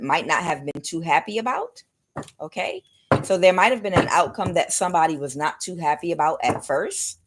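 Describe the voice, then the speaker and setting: A woman's voice: low-pitched, noisy background. A woman giving a casual spiritual tarot reading, rambling and speculative, talking straight to her viewers. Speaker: tarot reader.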